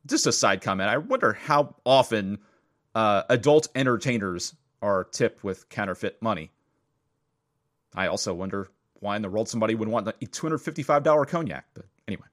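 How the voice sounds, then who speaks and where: A man's voice: on the low side, animated, brisk, fairly bright tone. A man hosting a podcast, reading odd news stories with wry, sarcastic asides. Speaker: podcast host. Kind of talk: casual news roundup podcast.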